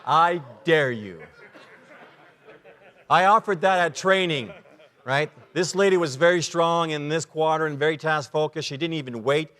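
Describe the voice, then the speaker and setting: A man giving a lively talk at a men's conference, acting out short dialogues and sound effects as he explains. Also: on the high side, unhurried. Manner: animated, acts out little dialogues and sound effects. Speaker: conference speaker. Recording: long reverb of a large hall.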